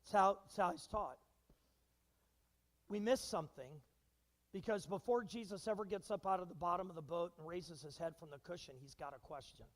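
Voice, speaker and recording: A pastor with a high-pitched voice delivers a brisk, animated sermon to his church, and the sanctuary gives his voice a long reverb. He throws questions at the congregation and acts out the things people say.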